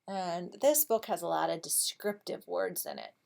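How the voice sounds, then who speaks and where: A woman teacher explaining a read-aloud lesson in a patient, unhurried way, with frequent ums. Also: on the low side, huge pitch swings, gravelly, a little mellow.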